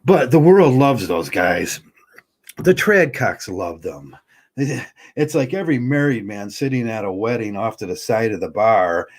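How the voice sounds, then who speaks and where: A man's voice: lowish voice, expressive, a little slow. A man hosting a livestream, ranting heatedly and bluntly, often stumbling and restarting his words. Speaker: livestream host.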